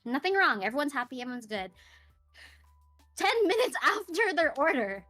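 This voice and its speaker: A woman guest on a podcast tells a story in a relaxed, chatty way and acts out the voices of the people in it. Her voice sits a little high. Soft music plays faintly behind her. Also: moderate pace, no room sound. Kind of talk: casual storytelling in a podcast interview.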